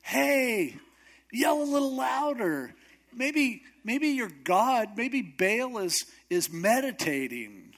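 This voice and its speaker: A cocky, wisecracking prophet, as a preacher puts him on with a slightly high voice. He jeers and dares his rivals in a loose, swaggering tone. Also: lively intonation, a little slow. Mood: mocking. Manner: swaggering, wisecracking trash talk. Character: bold, brash male prophet taunting rivals.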